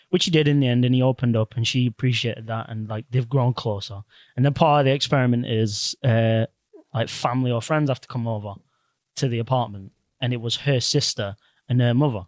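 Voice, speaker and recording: A man's voice: medium pitch, no echo. A young man, casually retelling a story on a podcast, swearing freely and acting out the quotes. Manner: animated storytelling, swears a lot, acts out quotes. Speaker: podcast host. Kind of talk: casual chat.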